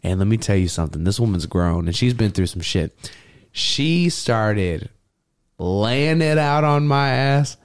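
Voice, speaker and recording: A man's voice: measured pace, smooth. Casual, profane young man telling a story. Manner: animated, profane, mimics others in a high voice when quoting. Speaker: podcast co-host.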